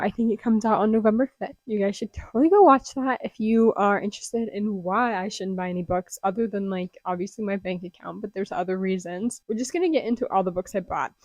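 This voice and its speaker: A young woman chatting casually about books she read, gushing and dropping into excited whispers. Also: medium pitch, no echo. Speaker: booktuber. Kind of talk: casual book review vlog. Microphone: close desk mic.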